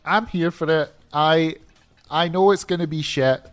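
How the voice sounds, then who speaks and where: A man's voice: a little high, moderate pace. A man co-hosting a casual wrestling chat, enthusiastic, loose and profane. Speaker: podcast co-host.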